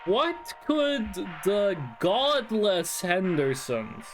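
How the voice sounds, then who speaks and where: A streamer giving live game commentary, thinking aloud and swearing in an animated way. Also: medium pitch, slow pace, few pauses, soft background music.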